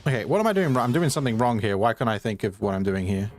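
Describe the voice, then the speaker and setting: A man's voice: lowish voice, very animated, soft background music. A man streaming a live playthrough, chatting casually and mocking himself when he gets stuck. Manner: chatty, self-mocking, quick to frustration. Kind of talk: live gameplay commentary.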